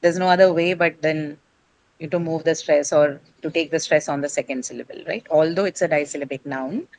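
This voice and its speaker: Low-voiced woman teaching pronunciation. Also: fairly even intonation, fairly quick, darkish tone, no echo, rough recording. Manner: patient, explanatory, asks questions then answers them, frequent "right?". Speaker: English teacher. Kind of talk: pronunciation lesson to a class.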